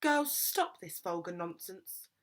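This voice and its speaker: A woman's voice: lowish voice, animated, slow. A woman voicing a strict nun who speaks firmly and snaps at the girls. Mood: stern. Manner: firm, snapping. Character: strict middle-aged nun, stern.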